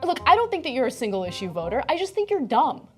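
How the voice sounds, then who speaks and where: A woman's voice: sits high, sing-song, fast, a little mellow, soft background music. A woman co-hosting a political show, ranting emphatically and swearing. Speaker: co-host. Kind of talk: political commentary rant.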